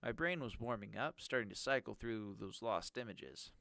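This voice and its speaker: Gravelly, animated male storyteller. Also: on the low side, normal speed, dry recording, clean studio sound. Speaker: audiobook reader. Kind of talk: first-person story narration.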